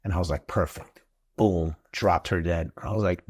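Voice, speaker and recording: Low-voiced man telling a hunting story. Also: moderate pace, slightly rough. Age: adult father of school-age kids. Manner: animated, acts out quotes in the story. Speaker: podcast guest. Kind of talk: casual storytelling.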